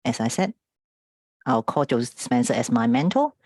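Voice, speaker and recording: A woman life coach leading a coaching session, measured and affirming as she sums up her client's points. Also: very deep voice, very animated, a little mellow, dry recording, studio quality.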